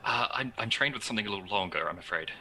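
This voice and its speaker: A man speaking in character as a player in a tabletop game, formal and halting. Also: lowish voice, lively intonation, bright, forceful tone, slight background noise, poor audio.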